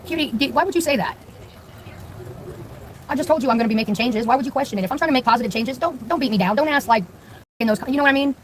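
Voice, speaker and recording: A woman's voice: high voice, rapid-fire, long pauses, slight background noise, rough recording. A young woman live-streaming, telling a story in a blunt, profane, chatty way and talking straight to her viewers.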